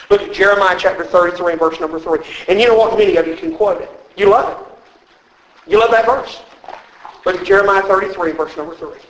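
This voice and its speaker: High, bright-voiced preacher in echoey church. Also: male voice. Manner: emphatic, exhorting, repeats key words. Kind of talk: sermon.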